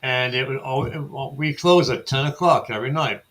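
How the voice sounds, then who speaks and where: Man, casual chat, bright forceful voice, rambling, hesitant, swears now and then. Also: mid-range voice, a little fast. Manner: rambling anecdote with many fillers and swearing.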